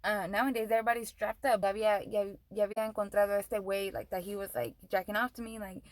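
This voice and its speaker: A woman's voice: medium pitch, fairly even intonation, very fast, no echo, poor audio. Heated profane young woman ranting. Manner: profane, heated, switches between English and Spanish. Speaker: vlogger. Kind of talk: casual storytime rant.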